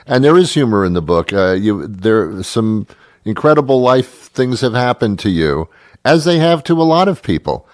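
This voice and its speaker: A man hosting a radio talk show, relaxed and supportive in a casual interview. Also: fairly low pitch, moderate pace, no echo, studio quality. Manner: relaxed, supportive, lots of short affirmations.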